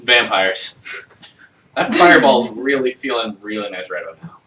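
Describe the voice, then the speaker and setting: A man's voice: lowish voice, normal speed, sharp tone, slight background noise. A man playing a tabletop game, playful and laughing in casual chat. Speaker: player. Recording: echoey room from far off.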